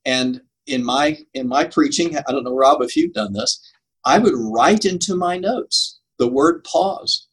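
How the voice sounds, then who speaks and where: Older guy w a husky voice talking preaching tips, earnest, leans hard on key words. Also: fairly high pitch, a little slow, fairly bright tone, poor audio. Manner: earnest, emphatic, laughs at himself. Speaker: preaching coach. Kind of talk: conversational interview answers.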